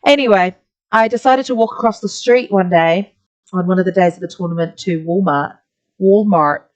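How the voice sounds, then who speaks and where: A woman's voice: on the low side, fairly even intonation, brisk, dull audio. Chatty New Zealand woman art teacher. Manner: chatty, rambling, many "like" fillers. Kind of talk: casual storytelling while drawing.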